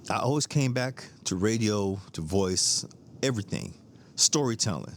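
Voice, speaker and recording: Rambling middle-aged man, lowish voice. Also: animated, moderate pace. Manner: rambling, repeats words, laughs often, swears casually. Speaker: podcast host. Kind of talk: casual storytelling monologue.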